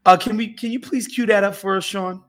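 A man's voice: high-pitched, steady tone, fairly quick, a bit bright. A man co-hosting a casual political podcast, blunt, profane and dismissive. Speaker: podcast co-host.

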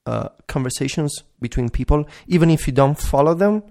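A man's voice: fairly high pitch, animated, fairly quick, gravelly, mellow. A man with an Italian accent, a native Italian speaker, co-hosting a podcast with an eager, easygoing manner. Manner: eager, laughs easily. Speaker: podcast co-host. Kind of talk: casual chat.

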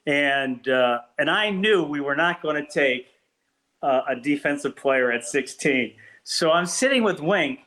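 Animated older man spinning stories. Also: a little high, measured pace, low-quality recording. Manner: animated storyteller with many restarts. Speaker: former team PR executive, guest. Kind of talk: storytelling anecdotes in an interview.

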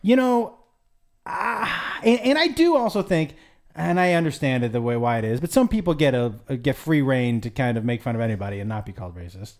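A man co-hosting a casual comedy podcast, talking in an excitable way, swearing freely and laughing often. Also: mid-range voice, a little fast. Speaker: podcast co-host, stand-up comedian.

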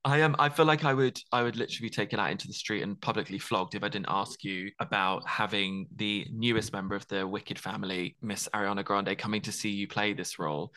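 A man's voice: fairly low pitch, steady tone, sharp tone. A man hosting a podcast, chatting playfully and joking with his guest. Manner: chatty, playful, quick to joke. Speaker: podcast host. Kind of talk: casual interview chat.

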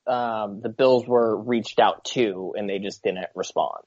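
A man's voice: lowish voice, steady tone, a little slow, a little mellow, dry recording. A man co-hosting a casual sports show, tossing in teasing quips. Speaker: sports podcast co-host. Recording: dry muffled lo-fi audio.

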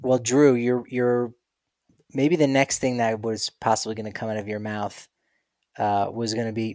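A man's voice: medium pitch, flat delivery, moderate pace, darkish tone, no echo. A man co-hosting a podcast, chatting casually and telling stories with playful quoted voices. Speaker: podcast co-host. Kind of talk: casual chat.

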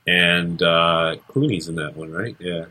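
A man's voice: low-pitched, measured pace, pushed and bright. A man in casual chat, telling rambling stories with lots of fillers. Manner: rambling storyteller, many fillers and restarts.

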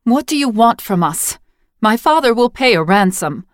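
A woman voicing a young tribal woman held captive, who speaks calmly, firmly and practically to her brother. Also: fairly high pitch, moderate pace, no room sound, studio quality, pitched above the performer's own voice. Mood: defiant. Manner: calm, firm, practical.

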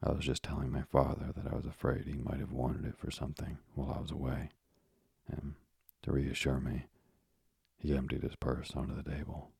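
A man's voice: extremely low pitch, monotone, brisk, gravelly, a little mellow, slightly rough, no room sound, studio quality, heavily acted. A man voicing an earnest, generous young sailor son in a storybook reading.

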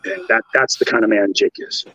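Gravelly Canadian man telling stories. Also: mid-range voice, a little fast, no room sound, low-quality recording. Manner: animated, profane, jumps into impressions. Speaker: podcast guest, former wrestler. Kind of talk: casual storytelling.

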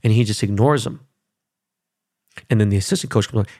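A man's voice: mid-range voice, brisk, a little mellow, no room sound, clean studio sound. A man in his thirties telling viewers a heated story about his son, swearing and repeating himself. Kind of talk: casual monologue to viewers.

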